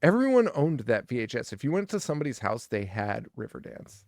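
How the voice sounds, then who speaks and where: A young man with a gravelly edge to his mid-range voice, co-hosting a horror movie podcast. He recaps scenes in loose, profane chat and acts out the characters' lines. His mic sound is close and dry. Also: mid-range voice, very animated, brisk, darkish tone, dry recording. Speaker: podcast co-host. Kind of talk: casual movie-review chat.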